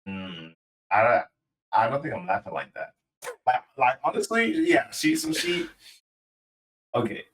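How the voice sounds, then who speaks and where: A man co-hosting a podcast in a laid-back way, thinking out loud with lots of fillers. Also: medium pitch, wildly swooping pitch, a little slow, pauses often, distant mic, rough recording. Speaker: podcast co-host. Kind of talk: casual podcast chat.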